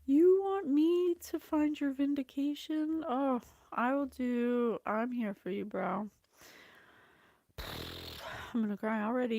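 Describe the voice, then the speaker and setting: A woman with a fairly high voice chats warmly through a spiritual livestream. She takes her time, talking in an unhurried, effusive way and laughing often between thoughts. The sound is dry and close. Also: wildly swooping pitch, gravelly, no room sound. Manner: chatty, effusive, laughs often, reads scripture aloud. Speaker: psychic reading host. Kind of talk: casual spiritual livestream talk.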